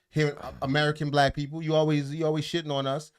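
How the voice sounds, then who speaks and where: A man co-hosting a podcast in casual chat, animated and jokey, often acting out the people he talks about. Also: on the high side, brisk, hardly any pauses. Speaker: podcast co-host.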